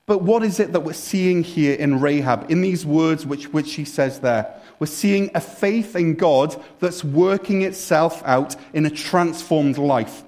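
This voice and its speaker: A man's voice: on the high side, measured pace, hardly any pauses, a little mellow. A man preaching a sermon in a conversational, storytelling way, explaining a Bible passage. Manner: conversational, storytelling, with restarts and asides.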